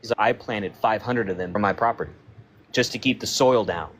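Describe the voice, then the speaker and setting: A man's voice: on the low side, a little fast, fairly bright tone, slight background noise. Man casually retelling a spooky story. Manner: retells a friend's encounter, acting out quoted dialogue; loose and conversational, with frequent "like" fillers.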